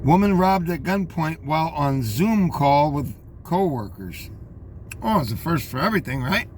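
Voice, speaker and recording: An older man with a high-pitched voice reads out the news headlines one after another. He breaks off after each one to make scornful, meandering remarks straight to his listeners. A faint background noise sits under the recording. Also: lively intonation, normal speed, darkish tone. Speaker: commentator reading news headlines. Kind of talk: opinionated headline commentary.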